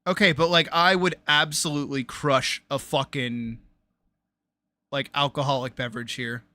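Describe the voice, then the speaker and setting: A woman streamer chatting casually on a live stream, reacting loudly with exclamations, swearing and laughter. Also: very deep voice, fairly even intonation, normal speed, no room sound. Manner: loud, exclamatory, swears freely, laughs often.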